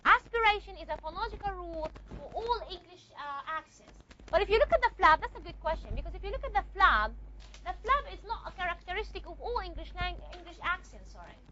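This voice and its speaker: A woman's voice: very high-pitched, sing-song, fast, bright, forceful tone, dull audio. A woman teacher giving a classroom lecture, explaining step by step and often checking with the class.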